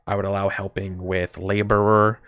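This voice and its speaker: A man's voice: low voice, flat delivery, fairly bright tone, smooth, dry recording, studio quality. A man running a tabletop game as game master, talking casually with frequent self-corrections. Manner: casual, rambling, quick apologies and self-corrections.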